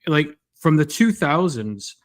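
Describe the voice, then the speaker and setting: Male co-host, relaxed rambling chat voice. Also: on the high side, takes it slowly. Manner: loose, filler-heavy reminiscing. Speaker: podcast co-host. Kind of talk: casual chat.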